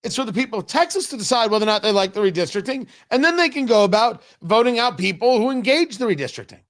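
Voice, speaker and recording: A man's voice: sits high, fast talker. Guy hosting a political talk show, sarcastic, chatty with listeners, voice jumps all over. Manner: animated and sarcastic, talking straight to listeners. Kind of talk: opinionated political commentary.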